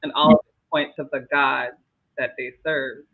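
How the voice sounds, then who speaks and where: A man's voice: mid-range voice, flat delivery, moderate pace, gravelly. A man sharing his thoughts in a casual group Bible discussion, reflective, with trailing phrases and light laughs. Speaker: discussion panelist. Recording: tinny phone-like line.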